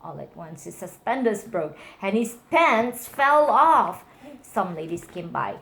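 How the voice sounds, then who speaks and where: A woman reading children's storybook tales aloud to her nephew, voicing the characters with high squeals. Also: unhurried, gravelly, slight background noise.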